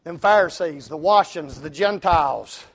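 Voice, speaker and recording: A male preacher, delivering a sermon that swings from low asides to shouted climaxes. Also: animated, normal speed.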